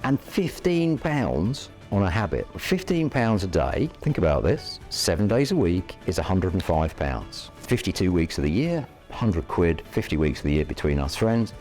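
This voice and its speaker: Blunt Yorkshireman with a deep, lively voice. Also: moderate pace, hardly any pauses, soft background music. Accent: Northern English. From Yorkshire, England. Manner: blunt, animated storytelling with rhetorical questions. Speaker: property education presenter. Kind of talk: motivational talk to camera.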